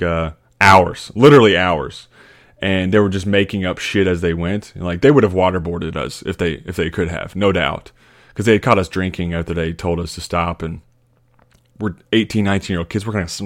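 A young adult man hosting a podcast, telling a story in a rambling, casual way with lots of fillers, restarts and laughs. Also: deep voice. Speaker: podcast host.

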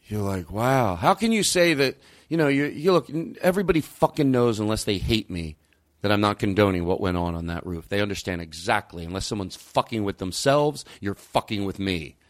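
A man hosting a podcast, ranting, swearing and jumping his pitch for emphasis. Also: expressive, fairly quick. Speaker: podcast host. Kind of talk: heated podcast rant.

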